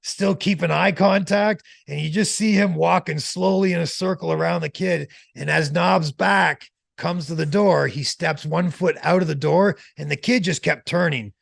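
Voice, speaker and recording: A man telling a long, animated anecdote as an interview guest, in a slangy, casual way. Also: fairly high pitch, moderate pace, vocal fry, few pauses, no echo, studio quality.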